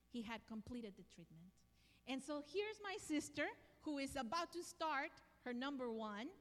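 A woman preaching a sermon in an emotional, emphatic way, with slow, dramatic pauses. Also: high-pitched, fairly bright tone, in a large hall.

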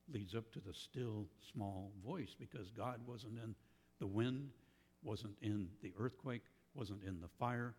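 A man with a fairly low voice delivers a sermon, thinking aloud with frequent pauses and restarts. His words ring out into a reverberant hall. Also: a little mellow, husky. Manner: slow, thoughtful, with pauses and restarts. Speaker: preacher.

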